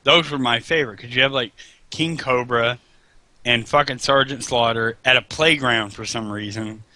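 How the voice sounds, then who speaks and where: A man's voice: mid-range voice, moderate pace, pushed and bright, no echo. A man chatting casually over a game, joking and swearing as he rambles. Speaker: host. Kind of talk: casual chat over gameplay.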